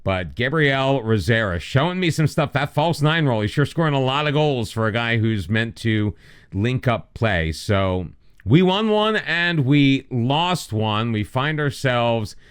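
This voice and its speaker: A man's voice: medium pitch, animated, measured pace, clean tone. An American man casually commenting over a football management game, mixing play-by-play calls with joking, self-deprecating asides. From United States. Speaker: gaming YouTuber.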